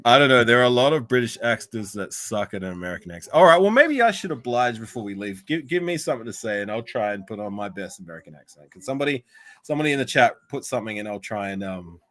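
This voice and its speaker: A man with an Australian accent, co-hosting a casual livestream chat in a relaxed, filler-heavy way with lots of "like". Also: mid-range voice. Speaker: co-host.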